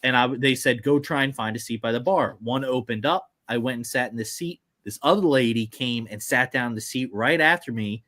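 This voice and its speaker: Young man, podcast co-host, casual storytelling, rambling, animated, middle pitch. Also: fairly quick, hardly any pauses.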